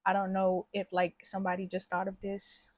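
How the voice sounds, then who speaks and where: A woman's voice: mid-range voice, completely flat delivery, normal speed, no echo. A woman recapping a film in a casual, slangy, chatty way, hosting her own channel. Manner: slangy, chatty, acts out characters' lines. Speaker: movie reviewer.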